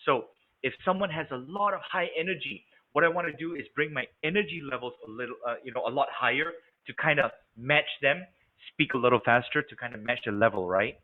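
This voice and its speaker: A man's voice: medium pitch, a little fast. Man coaching sales over a tinny line. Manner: energetic, coaching, demonstrates voice tones. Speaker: sales trainer. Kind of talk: instructional talk. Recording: narrow phone-like sound.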